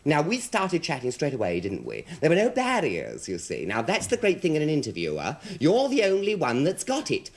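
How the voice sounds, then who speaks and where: An English man with a plummy accent, talking as a talk show guest with theatrical, long drawn-out vowels. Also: fairly high pitch, huge pitch swings, a crowd in the background. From England. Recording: hissy 1970s TV broadcast.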